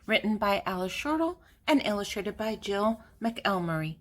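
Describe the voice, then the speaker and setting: A woman's voice: medium pitch, animated, moderate pace. An older woman reading a children's picture book aloud, with a playful sing-song delivery and fun animal sounds.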